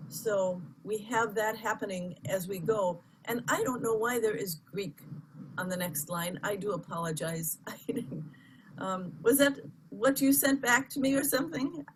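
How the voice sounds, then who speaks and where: A woman's voice: mid-range voice, measured pace, noisy background. A woman teaching chant in an online workshop, explaining with chatty asides, apologies and easy laughter.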